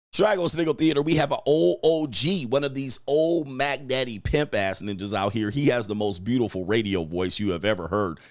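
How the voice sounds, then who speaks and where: A man coaching and commenting on clips in a crude, mocking way, laughing often. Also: fairly low pitch. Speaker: dating coach.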